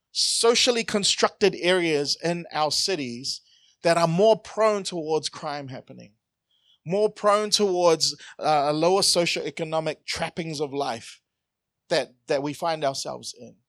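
A man's voice: high-pitched, fairly bright tone, no room sound. A man preaching a conversational sermon, joking and asking the congregation questions. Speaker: pastor.

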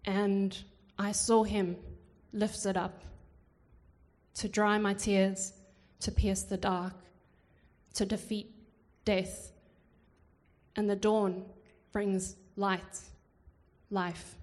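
A woman performing spoken word poetry in church, slow and measured, with dramatic pauses. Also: medium pitch, level tone, a little mellow. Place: church hall. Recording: hall reverb.

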